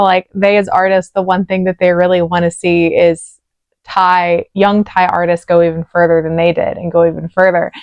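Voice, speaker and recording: A woman's voice: on the low side, flat delivery, normal speed, darkish tone, clean tone, dry recording. A woman hosting a reaction video, talking casually and emotionally with lots of "like" fillers, close to the mic. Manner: chatty, gushing, many "like" fillers. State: emotional, choked up.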